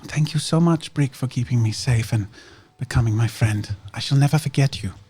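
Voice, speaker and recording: A man voicing a tired, earnest young girl who speaks softly and formally. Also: mid-range voice, moderate pace, slightly rough, natural voice. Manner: soft, sincere, formal phrasing.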